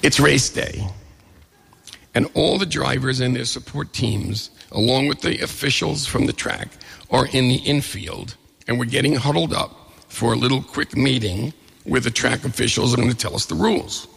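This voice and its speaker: A middle-aged man with a deeply gravelly, very husky voice tells a personal story on a stage. He is lively and acts out the other people in his story. His voice rings with a long hall reverb. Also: moderate pace. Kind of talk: live storytelling.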